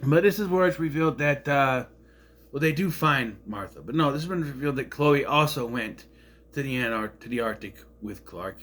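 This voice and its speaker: A man's voice: medium pitch, animated, a little fast, a bit bright. A man casually recapping an episode, rambling and sarcastic, getting indignant over plot holes. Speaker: show reviewer.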